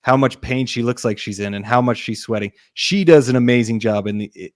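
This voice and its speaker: A man's voice: mid-range voice, brisk, no echo, studio quality. Enthusiastic man talking movies. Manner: enthusiastic, rambling, many fillers and restarts. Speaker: podcast co-host. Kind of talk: casual film discussion.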